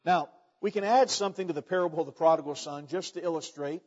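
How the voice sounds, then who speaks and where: A man's voice: on the high side, fast talker, darkish tone. A man preaching a sermon, telling a folksy story with lots of repetition, in an echoey hall with dull sound.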